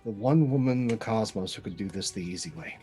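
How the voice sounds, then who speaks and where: A man playing in a tabletop game, describing his actions slowly and hesitantly. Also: on the low side, warm tone, soft background music. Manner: slow, hesitant, with fillers. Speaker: player. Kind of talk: tabletop role-play.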